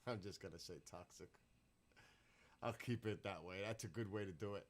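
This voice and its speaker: A man's voice: sits low, moderate pace. A man chatting casually on a live stream, rambling, swearing freely and bursting into laughs. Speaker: livestreamer.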